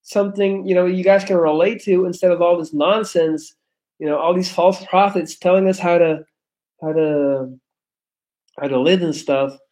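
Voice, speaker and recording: A man's voice: high-pitched, fairly even intonation, moderate pace, darkish tone. A young man reading viewer comments aloud in a laid-back, slangy livestream chat. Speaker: YouTuber reading live chat.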